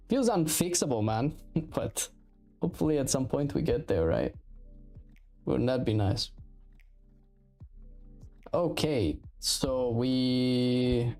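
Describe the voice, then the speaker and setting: Streaming his game development, an Italian man in his thirties with an Italian accent chats casually and profanely, rambling and animated. His mid-range voice moves slowly with frequent pauses, and faint music plays behind him during this casual livestream chat.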